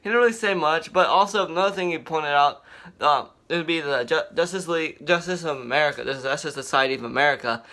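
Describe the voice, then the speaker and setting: A young man rambling excitedly in casual fan commentary, repeating himself often. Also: fairly high pitch. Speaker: vlogger.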